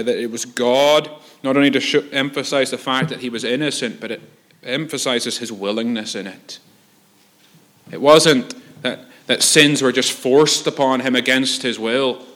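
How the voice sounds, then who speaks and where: Earnest preacher, emphatic. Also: male voice, mid-range voice, fairly bright tone. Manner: earnest, emphatic preaching with repetition and rhetorical questions. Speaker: pastor. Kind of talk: sermon.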